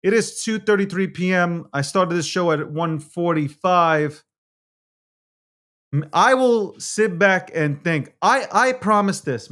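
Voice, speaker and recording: A man's voice: on the high side, a bit bright. A man hosting his own live show, casually chatting and reading viewer comments aloud, swearing freely and swinging between mock hurt feelings and getting fired up. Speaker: livestream show host. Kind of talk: casual live-stream chat.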